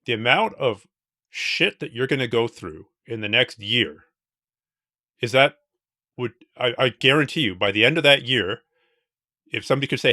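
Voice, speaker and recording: A man hosting a podcast, talking through hypotheticals in an animated, casual way. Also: mid-range voice, normal speed, long pauses, no room sound, studio quality. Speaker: podcast host. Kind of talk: casual interview talk.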